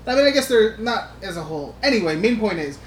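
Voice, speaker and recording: Animated swearing man on a podcast. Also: high-pitched. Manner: animated, swearing, acting out scenes in quick quoted voices. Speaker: podcast co-host. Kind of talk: casual podcast chat. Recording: roomy with faint noise.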